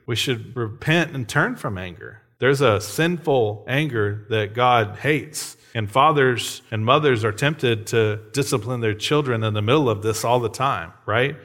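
A man's voice: mid-range voice, unhurried, hardly any pauses, a bit bright. A man in his thirties preaching a sermon in a conversational way, often checking in with his listeners. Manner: conversational, frequent tag questions. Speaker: pastor.

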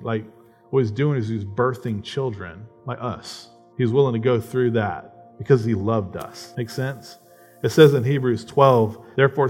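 A man preaching in an easygoing, conversational way. His voice sits at a middle pitch and keeps checking in with the congregation. Soft music plays faintly underneath. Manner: conversational, frequent "right?" tags, rising to emphatic preaching. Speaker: pastor. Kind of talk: sermon.

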